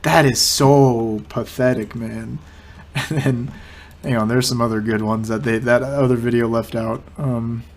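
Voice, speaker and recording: A young man giving casual reaction commentary, excitable, swearing and laughing as he talks. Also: medium pitch, measured pace. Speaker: reaction streamer.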